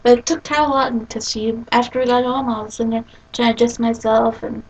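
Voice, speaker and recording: A young woman with a fairly high voice tells rambling stories and giggles often. Her voice is gravelly and husky. She sounds set back from the microphone. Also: little pitch movement, brisk. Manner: giggly, rambling storyteller acting out quotes. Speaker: vlogger. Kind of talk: casual chat. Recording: distant from the mic.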